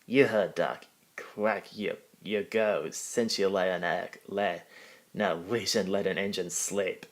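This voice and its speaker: A man's voice: sits low, a little slow. A man voicing a sleepy, teasing male engine in a storybook reading.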